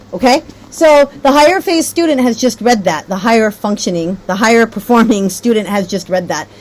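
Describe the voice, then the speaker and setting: A woman's voice: fairly high pitch, lively intonation, normal speed, few pauses, low-quality recording. A woman training teachers on a reading method, rambling a little, correcting herself and checking in often. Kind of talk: teacher training talk with read-aloud demos.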